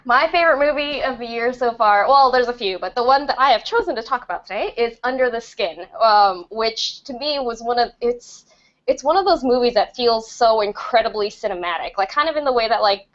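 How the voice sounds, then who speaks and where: A woman's voice: a little high, brisk. A woman co-hosting a film podcast, talking in a gushing, enthusiastic way in casual chat. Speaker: podcast co-host, film critic. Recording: slightly muffled lo-fi podcast audio.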